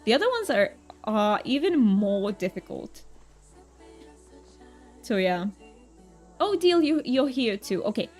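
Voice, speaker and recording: A woman's voice: a little high, big pitch swings, takes it slowly, long pauses, darkish tone, soft background music. A woman streamer chatting casually while gaming, reading her chat aloud, answering viewers and laughing often.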